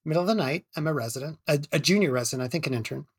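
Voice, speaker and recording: A man's voice: a little high, lively intonation, very fast, slightly rough, dry recording, clean studio sound. A middle-aged man, an emergency physician, telling a story casually with many restarts and laughs.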